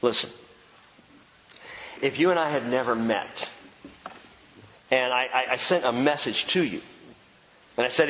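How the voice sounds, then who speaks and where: A man preaching a sermon as pastor, emphatic and animated, repeating key phrases for effect. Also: medium pitch, measured pace, long pauses. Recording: dull sound with long hall reverb.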